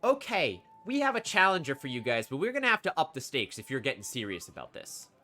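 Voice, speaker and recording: Bright, animated tavern keeper, female, voiced by a man. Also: mid-range voice, fast talker, soft background music. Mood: brisk. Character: brisk female tavern keeper running a bet.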